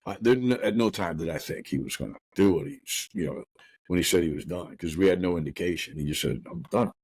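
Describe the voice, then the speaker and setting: A middle-aged man hosting a podcast, telling a painful personal story in a rough, profane, rushed way full of restarts. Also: sits low, darkish tone, no echo. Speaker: podcast host.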